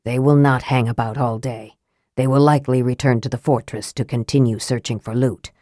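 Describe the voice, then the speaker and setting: A woman voices a cool, calculating young wizard who speaks in flat, measured sentences, pitching him low and even. It's recorded close and dry like an audiobook read, with no room sound.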